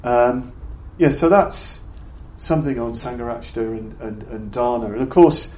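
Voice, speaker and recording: An older man giving a reflective Buddhist dharma talk to an audience. He speaks in a halting, thoughtful way and often repeats words while he searches for the phrasing. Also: mid-range voice, dark tone. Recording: roomy echo with faint background noise.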